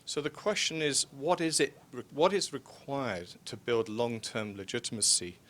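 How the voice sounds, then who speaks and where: A man making a measured, policy-minded comment from the floor of a forum. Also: mid-range voice, a bit bright. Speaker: audience member asking a question.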